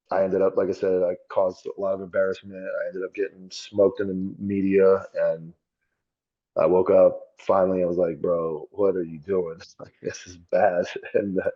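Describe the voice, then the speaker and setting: Deep husky man, blunt and profane. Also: dull audio. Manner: blunt, profane and self-critical. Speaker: podcast guest, former police officer. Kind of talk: candid conversational storytelling.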